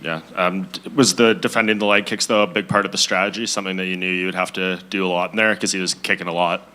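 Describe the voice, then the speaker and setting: Bright, fast-talking male reporter. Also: low voice, little pitch movement. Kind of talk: press conference questions.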